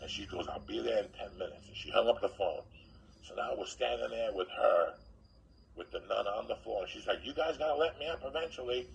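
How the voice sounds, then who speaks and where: A man with a deeply gravelly, fry-heavy voice tells a profane comic story. His delivery swings widely up and down as he acts out other people's lines, with faint noise underneath. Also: expressive, fairly quick, lo-fi sound. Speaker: comedian telling a story.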